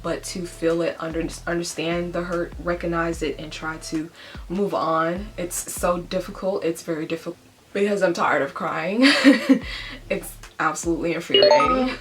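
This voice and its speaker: A young pregnant woman talking candidly in a casual vlog, emotional and laughing through tears. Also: lowish voice. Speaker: vlogger.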